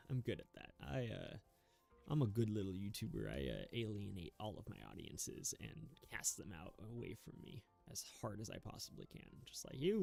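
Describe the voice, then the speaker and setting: Gravelly young man, rambling game commentary. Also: on the low side, warm tone. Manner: rambling, self-mocking, chuckles often. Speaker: gaming YouTuber. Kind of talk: casual gameplay commentary.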